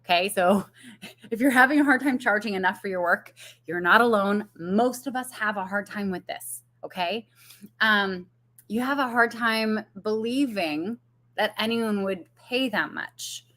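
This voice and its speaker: A woman's voice: mid-range voice, a little slow, fairly bright tone. Woman, business coach, casual live-stream talk, chatty, laughs a lot.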